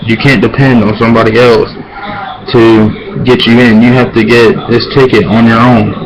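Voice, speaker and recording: A man voicing God as a calm, fatherly judge who calls the soul "son", in his own plain storytelling voice. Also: mid-range voice, moderate pace, a crowd in the background, natural voice, poor audio. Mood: stern. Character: stern, patient God judging souls.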